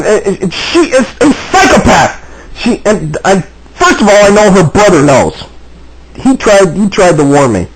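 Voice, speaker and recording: He talks at normal speed in a high-pitched, very animated, husky voice. In this agitated monologue to camera he repeats himself and restarts often, and the audio quality is poor.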